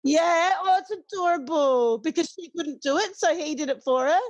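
A woman's voice: sits high, moderate pace, no room sound, muffled recording. A woman in casual, candid chat, swearing freely and laughing often.

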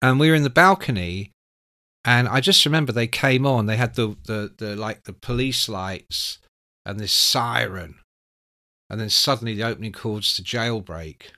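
Guy in his 60s swapping wild stories, bright lively voice, dead dry close mic. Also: lowish voice, normal speed, dry recording. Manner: animated, acts out quoted voices, swears freely. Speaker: guest. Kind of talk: casual storytelling.

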